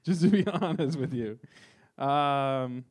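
A man's voice: medium pitch, slow, a little mellow. A man hosting a comedy podcast, giggling often and stumbling as he reads listener letters aloud. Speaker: podcast host. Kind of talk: casual comedy podcast chat.

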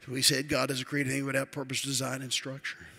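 An older man preaching a sermon as a bishop, swinging between quiet asides and loud emphatic build-ups. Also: medium pitch, completely flat delivery, fast, soft background music.

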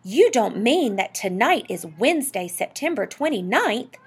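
A woman's voice: fairly high pitch, a little slow, husky, pitched above the performer's own voice, full character voice. A woman voicing an enthusiastic, dreamy middle-aged husband who talks eagerly. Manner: eager, excitable.

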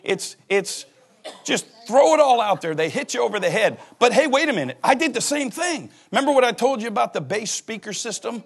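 A man's voice: very high voice, sing-song, a little fast, slightly rough. A man in his forties, a pastor giving a humorous sermon and acting out little scenes as he laughs. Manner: joking storyteller who acts out voices and laughs.

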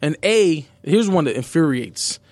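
A man's voice: on the high side, lively intonation, a little slow, a little mellow, no echo. A man hosting a podcast, bantering crudely and mockingly, laughing often. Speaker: podcast host.

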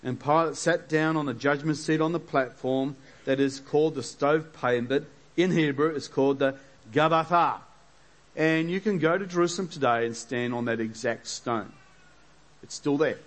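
A man's voice: on the high side, normal speed. A male preacher reading scripture in a sermon, breaking off for chatty asides and small chuckles.

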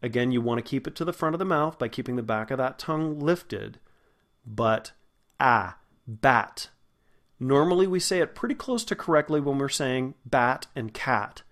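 A man's voice: medium pitch, lively intonation. Patient man teaching vowel sounds. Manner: patient, instructive, demonstrates sounds slowly. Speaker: acting and dialect coach, podcast host. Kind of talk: spoken lesson on vowel sounds.

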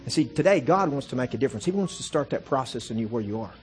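A man's voice: medium pitch, animated, fast, a little mellow, soft background music. A man preaching a sermon as pastor, telling stories in a conversational way and building to impassioned, fervent preaching. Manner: conversational storytelling with repeated "see" and restarts.

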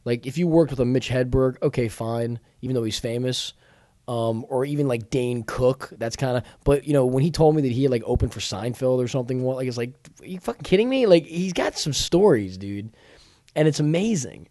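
A man's voice: mid-range voice, a little fast, warm tone, no room sound, clean studio sound. A young man co-hosting a podcast in casual, profane banter, rambling with lots of filler words. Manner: swears freely, rambling with lots of "like". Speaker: podcast co-host.

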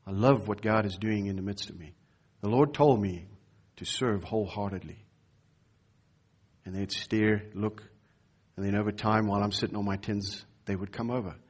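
A man's voice: on the low side, fairly even intonation, normal speed, long pauses, darkish tone, slightly rough. A man, a pastor, preaching a sermon and telling a personal story, acting out the voices of the people in it. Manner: storytelling, acts out quoted voices.

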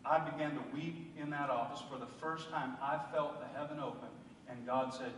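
A man's voice: mid-range voice, normal speed, few pauses, a little hiss or hum. Impassioned preacher man in an echoey hall. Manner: impassioned storytelling preacher, swinging from loud to hushed. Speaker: pastor. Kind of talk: sermon. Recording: echoey hall heard from a distance.

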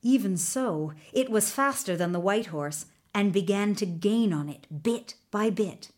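A woman narrating a children's storybook in an expressive, animated way. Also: medium pitch, a little slow. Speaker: audiobook narrator.

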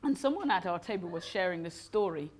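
Before a live audience in a college hall, a woman guest speaker gives a chatty, self-mocking sermon, laughing often as she tells stories. Her voice is fairly low, expressive, and brisk.

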